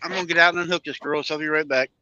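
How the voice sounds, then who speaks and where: A man's voice: on the high side, steady tone, very fast, bright, forceful tone, slight background noise. A man chatting casually on a livestream from his parked truck cab, greeting viewers by name. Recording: dull lo-fi sound.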